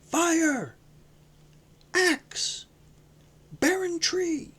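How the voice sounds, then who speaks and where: A man voicing a wild, hoarse male desert prophet who shouts fiercely. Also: very high voice, very slow, voice pushed up, full character voice. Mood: fierce ranting.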